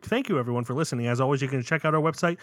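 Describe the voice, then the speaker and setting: A man's voice: medium pitch, rapid-fire, dry recording. Rambling man hosting a film podcast. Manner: rambling, filler-heavy, self-correcting. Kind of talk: casual podcast chat.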